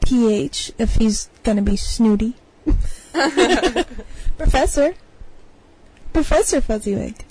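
A woman's voice: a little high, normal speed, warm tone, husky, poor audio. Jokey woman co-hosting a podcast. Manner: joking, laughs often. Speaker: podcast co-host. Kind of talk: casual chat.

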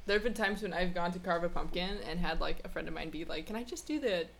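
A woman's voice: lowish voice, quick pace, vocal fry, slight background noise. A woman co-hosting a casual podcast, reacting with laughs and short comments and adding her own dry remarks. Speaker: podcast co-host. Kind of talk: casual chat.

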